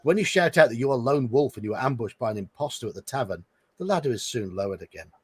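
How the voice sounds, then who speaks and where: Male host, mid-pitched, narrating a gamebook live. Husky timbre, animated delivery. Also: quick pace, no echo. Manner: reads aloud with asides and chuckles.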